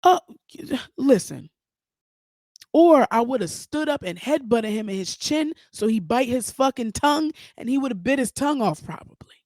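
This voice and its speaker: A woman hosting a podcast, giving outspoken, animated, profane commentary. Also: on the high side, a little slow, no room sound, clean studio sound. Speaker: podcast host. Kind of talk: casual commentary.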